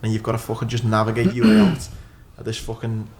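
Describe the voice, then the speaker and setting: A man co-hosting a podcast, relaxed and hesitant with ums, swearing casually. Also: medium pitch, fast talker.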